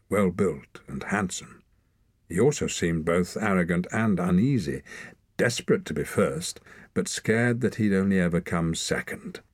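A man narrating an adventure audiobook in a measured, expressive storytelling voice. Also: deep voice, husky, dry recording, clean studio sound. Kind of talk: scripted narration.

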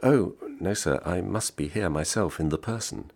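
A man's voice: deep voice, moderate pace, a little mellow, breathy edge, voice pushed up. A man reading the part of a shy, dutiful young Swiss café waitress, speaking demurely. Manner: demure, polite, formal.

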